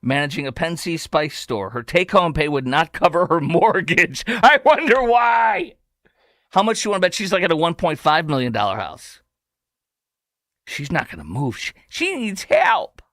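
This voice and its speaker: A man's voice: fairly high pitch, lively intonation, normal speed, sharp tone, no echo, studio quality. A man hosting a political commentary show, talking in a sarcastic, mocking way. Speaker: host.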